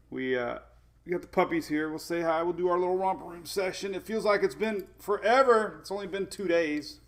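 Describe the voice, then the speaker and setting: A man's voice: sits high, moderate pace. A man hosting a casual weather livestream from home with his dogs, chatting, greeting viewers by name and laughing often. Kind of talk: casual live-stream chat.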